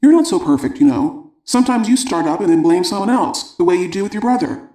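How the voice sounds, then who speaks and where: A man's voice: high-pitched, lively intonation, fast talker, mellow, reverberant, recorded from a distance, voice pushed up. A man voicing a father who lectures his son, read in an audiobook. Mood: lecturing.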